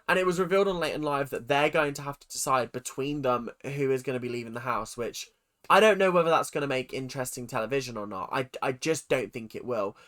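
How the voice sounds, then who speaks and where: Bright-voiced chatty man ranting. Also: medium pitch. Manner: chatty, opinionated, frank, swears casually. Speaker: YouTube commentator. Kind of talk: casual rant to camera.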